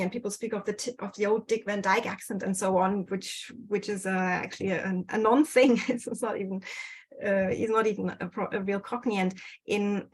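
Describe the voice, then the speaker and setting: A woman's voice: mid-range voice, husky, low-quality recording. Hesitant woman presenting research online. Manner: hesitant, many fillers and restarts. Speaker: guest researcher. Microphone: computer mic on video call.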